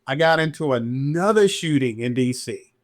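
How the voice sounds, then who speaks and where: Guesting on a podcast, a middle-aged cop recounts his story openly and with lots of energy at a moderate speed. His voice leaps higher whenever he performs the lines people said to him.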